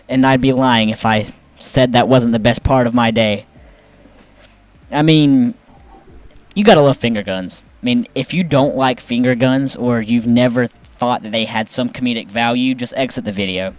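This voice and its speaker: A man reviewing memes in casual, playful commentary, with sudden jumps up in pitch when he reacts. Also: moderate pace. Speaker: YouTube meme reviewer.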